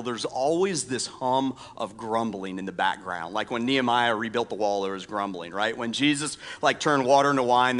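A male pastor giving a conversational sermon, reading scripture and dropping to a hushed whisper for emphasis, with self-deprecating asides. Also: mid-range voice. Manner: self-deprecating humor with laughs.

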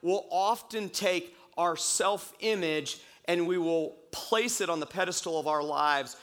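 A pastor getting over a cold delivers a conversational sermon in church, slowly repeating key phrases for emphasis. His male voice is fairly high-pitched and sharp.

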